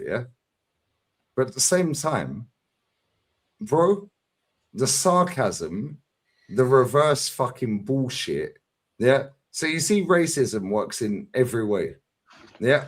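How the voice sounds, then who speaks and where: A middle-aged man, mid-rant on a livestream debate. His pitch swings widely as he argues, punching out points and tagging them with a pushy "yeah?". The delivery is combative and relentless. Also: big pitch swings, a little slow. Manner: combative, emphatic, constant "yeah?" tags. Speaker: fan channel streamer.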